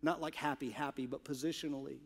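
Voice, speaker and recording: A male pastor preaching a sermon in church, earnest, moving from hushed asides to emphatic, stressed points. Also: a little high, steady tone, fast talker, gravelly, husky.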